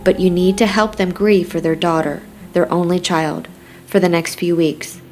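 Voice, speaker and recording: A woman reading the lines of a middle-aged mother who scolds her grown son gently but firmly, in an audiobook. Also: on the low side, steady tone, moderate pace, faint music behind, lightly acted. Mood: chiding. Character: loving, chiding Southern-town mother, middle-aged woman.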